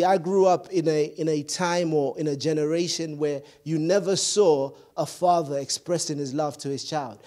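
A man's voice: on the high side, a little mellow. A man preaching a sermon as pastor, with a repetitive, emphatic cadence and occasional stumbles over words. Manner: stumbles and repeats words when searching.

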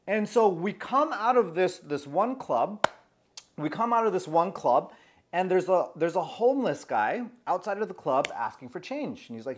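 Emphatic man with a slightly high voice. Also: big pitch swings, normal speed. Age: about 40. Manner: emphatic, checks in with "okay?" constantly. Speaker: social anxiety coach. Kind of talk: storytelling advice to camera.

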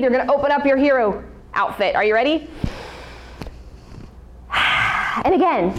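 Brief: woman kids yoga teacher, upbeat and coaxing, slightly high voice. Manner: upbeat, coaxing, talks to children. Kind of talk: guided kids yoga class.

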